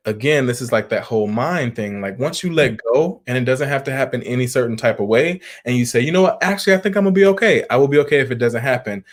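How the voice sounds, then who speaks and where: A man hosting an interview show, reflecting on his guest's story and asking encouraging questions. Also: medium pitch. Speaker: host. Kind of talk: interview talk.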